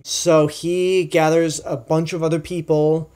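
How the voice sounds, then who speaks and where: A man's voice: fairly high pitch, level tone, a little slow, hardly any pauses, darkish tone, clean tone. A young man giving a casual, chatty film review, enthusiastic and full of asides and fillers. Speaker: movie reviewer.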